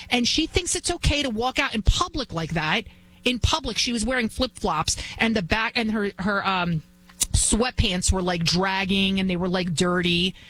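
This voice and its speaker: A woman in her forties hosting a talk radio show, telling a story in an indignant, animated way. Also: a little high, rough recording. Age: 40s.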